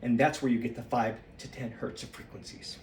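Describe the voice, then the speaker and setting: Recorded from a distance in a roomy space with slight hiss or hum, this man in his fifties speaks briskly in a medium-pitched, steady, darkish voice. As a solo practice vlogger, he shakes his body while thinking aloud, a bit breathless, rambling and losing track of his thoughts.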